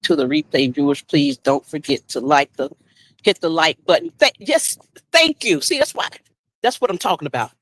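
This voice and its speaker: A woman's voice: low voice, animated, moderate pace, poor audio. A woman chatting casually on a live stream, talking straight to her viewers and laughing often, first at a shop checkout and then at home.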